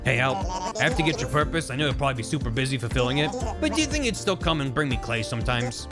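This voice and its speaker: A man's voice: mid-range voice, sing-song, fast, loud music behind the voice, close to an everyday voice. A man doing an earnest, clingy gnome pal. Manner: encouraging, earnest.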